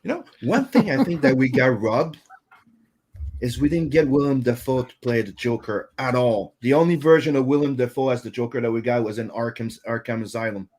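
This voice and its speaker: A man's voice: medium pitch, expressive, fairly quick, darkish tone. Man sharing movie trivia casually. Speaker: podcast co-host. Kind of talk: casual chat.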